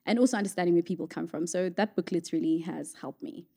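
Lively laughing woman guest. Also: on the low side, fast talker, creaky, breathy edge. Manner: laughs often, animated, searches for words. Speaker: singer-songwriter guest. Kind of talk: casual interview chat.

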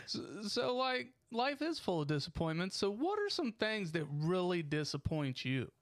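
A man co-hosting a podcast jokes crudely and stresses his words for effect. His voice sits a little higher than most men's. The sound is dry and close to the mic. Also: big pitch swings, measured pace, dry recording. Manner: joking, emphatic, crude. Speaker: podcast co-host. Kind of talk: casual chat.

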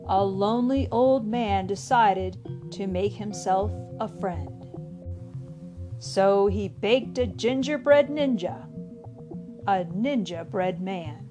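A woman hosting a children's podcast, reading a storybook aloud in a cheerful, animated way. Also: mid-range voice.

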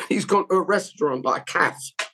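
A man's voice: high voice, moderate pace, pushed and bright, a little hiss or hum, low-quality recording. A man guest telling personal anecdotes in a rambling, candid, heartfelt way. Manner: rambling anecdotal, with emotional candour. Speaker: interview guest. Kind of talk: conversational storytelling.

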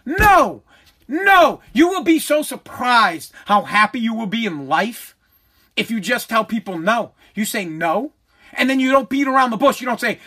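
A man tears into his subject in a fired-up, profanity-laced rant, circling back to the same points again and again. His voice has a forceful, tense edge. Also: very high voice, animated, brisk. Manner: heated, profane, repetitive. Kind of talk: angry rant.

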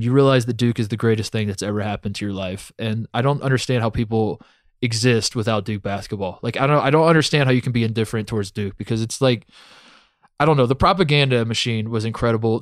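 A man's voice: mid-range voice, no room sound, studio quality. A young man co-hosting a sports podcast, talking in a sarcastic, rambling way with lots of fillers. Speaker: podcast co-host. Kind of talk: casual sports chat.

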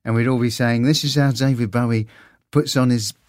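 A middle-aged man telling stories in an interview, animated and slipping into silly voices. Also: mid-range voice, fairly quick, no room sound, clean studio sound. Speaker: podcaster guest. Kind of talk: conversational interview.

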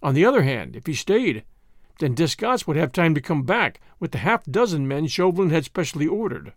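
A man hosting and narrating a classic novel as an audiobook, in measured, expressive storytelling. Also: on the high side, no echo, studio quality. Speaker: host and narrator.

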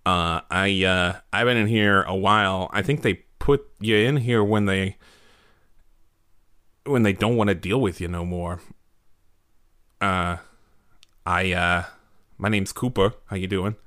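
A man's voice: low voice, steady tone, measured pace, long pauses, a bit bright, clean tone, no room sound, studio quality, pitched below the performer's own voice. A man voicing a laid-back reptile prisoner, Koopa. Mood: rambling.

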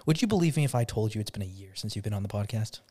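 A man's voice: on the low side, expressive, rapid-fire, darkish tone, breathy edge. A man hosting a podcast in casual chat, joking and teasing his guests and laughing often. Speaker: podcast host. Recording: podcast mic.

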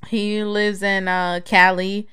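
A woman's voice: mid-range voice, level tone, takes it slowly, bright, forceful tone, smooth. Candid, profane young woman podcaster. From Chicago area. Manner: candid, profane, laughs easily. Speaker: podcast host. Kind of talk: casual podcast monologue.

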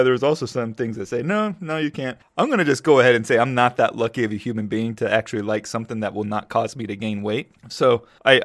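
Male podcast host, casual solo talk, loose joking delivery with big excited pitch jumps. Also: dry recording. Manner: animated storytelling, jumps high when excited.

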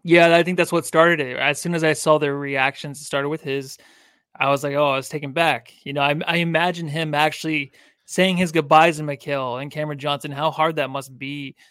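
Man, podcast co-host, chatty filler-heavy speech, higher voice, dry close sound. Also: fairly even intonation, fairly quick, fairly bright tone, clean tone, dry recording. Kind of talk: casual sports podcast talk.

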